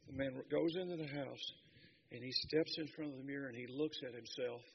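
A man preaching a sermon with passion, dropping to a hush and then building to shouts. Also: mid-range voice, steady tone, brisk, dull audio, slight background noise. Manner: impassioned, swinging from hushed to shouting.

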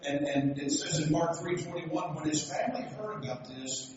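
A man preaching a sermon, telling stories and building to loud, emphatic passages. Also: fairly high pitch, animated, normal speed, a little hiss or hum. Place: church sanctuary. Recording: echoey hall, from far off, dull sound.

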